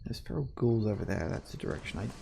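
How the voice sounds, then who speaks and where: A man's voice: fairly low pitch, animated, quick pace, creaky, music in the background. A tired man who keeps yawning, rambling and muttering to himself as he comments on a game he is playing. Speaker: gaming video creator. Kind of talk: let's play commentary.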